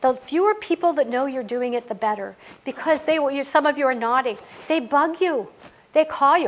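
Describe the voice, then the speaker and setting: A middle-aged woman with a high voice leads a writing workshop, talking casually and telling stories that make her laugh. Her delivery is chatty and informal, and it is recorded in a library meeting room. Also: animated, fairly quick.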